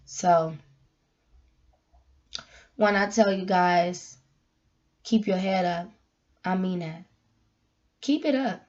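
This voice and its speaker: A woman giving a candid, emotional personal message, moving between soft, quiet lines and loud, emphatic ones. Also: lowish voice, muffled recording. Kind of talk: heartfelt personal talk, sermon-like.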